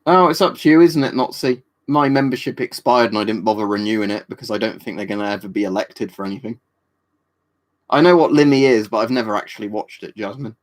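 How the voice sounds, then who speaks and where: A man's voice: lowish voice, fast. A man from the UK, hosting a livestream and answering viewers' questions in a rambling, casual way, full of fillers and tag questions. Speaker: livestream host answering chat. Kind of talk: casual live chat.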